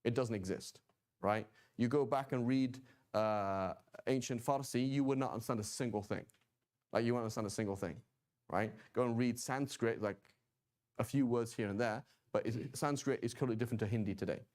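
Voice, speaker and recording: A man's voice: mid-range voice, darkish tone. A man teaching a class in a casual, talkative way, often checking in with "right?" and "okay?" and adding joking asides. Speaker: Quranic Arabic teacher. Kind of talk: informal class lecture.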